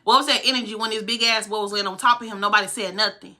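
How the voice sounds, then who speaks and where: A woman's voice: medium pitch, fairly even intonation, very fast, pushed and bright. A young woman vlogger telling a heated, profane story from her own life. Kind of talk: storytime vlog.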